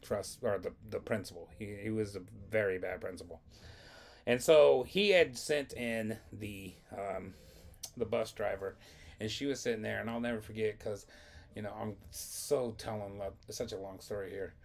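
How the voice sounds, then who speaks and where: A man's voice: lowish voice, normal speed, creaky. A young man casually telling a long, rambling, profane story from his school days in a vlog. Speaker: vlogger.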